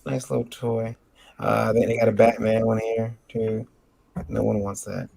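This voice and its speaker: A man's voice: on the low side, little pitch movement, measured pace, creaky, dark tone, breathy edge, dry recording. A man co-hosting a casual livestream, rambling with many fillers while showing off toys. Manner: rambling, lots of fillers, shows off toys on camera. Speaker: co-host of a crowdfunding livestream.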